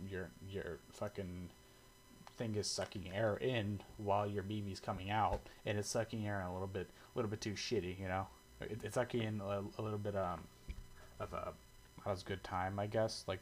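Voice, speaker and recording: A man's voice: sits low, slight background noise, poor audio. A man giving casual, rambling commentary full of swearing and fillers, reacting aloud as he browses online. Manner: rambling and profane, many fillers. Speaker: airsoft video creator.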